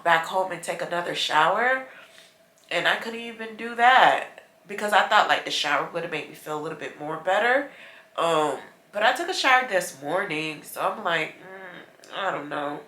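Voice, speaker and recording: Lying in bed in her bedroom with a stuffy nose, a US vlogger rambles to her viewers in a casual, frustrated chat. Her voice is on the low side, expressive, bright and forceful, at normal speed, in an echoey room.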